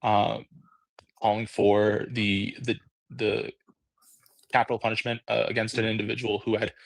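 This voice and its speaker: A man's voice: lowish voice, flat delivery, normal speed, gravelly, dry recording. A man speaking on an online panel, hesitant and full of fillers and restarts. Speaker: audio room panelist. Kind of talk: casual discussion.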